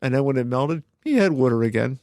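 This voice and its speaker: A man's voice: mid-range voice, expressive, fast, darkish tone, no echo, studio quality. A man co-hosting a casual podcast, telling rambling stories with sarcastic asides. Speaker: podcast co-host.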